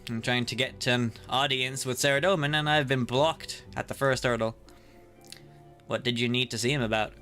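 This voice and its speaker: A male streamer with a bright, forceful voice reads each character's dialogue aloud as he plays. He cracks jokes and laughs often between the lines, with faint music underneath. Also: mid-range voice, steady tone, normal speed. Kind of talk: casual playthrough with voiced reading.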